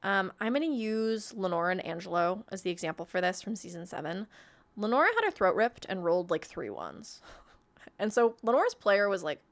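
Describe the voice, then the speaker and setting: A woman's voice: mid-range voice, sing-song, fairly quick. A woman admin leading a roleplay workshop, talking in a chatty, rambling way with lots of fillers and frequent small laughs. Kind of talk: casual instructional talk.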